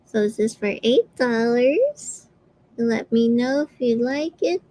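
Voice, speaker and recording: Woman crafter, slow and giggly, a bit high-pitched. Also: lively intonation, mellow, no room sound, rough recording. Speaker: crafter selling her items. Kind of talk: casual live sale chat.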